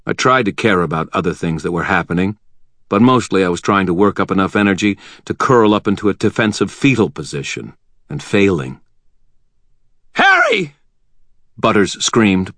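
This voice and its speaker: A man narrating a first-person audiobook in a steady, measured way. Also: low voice, no room sound.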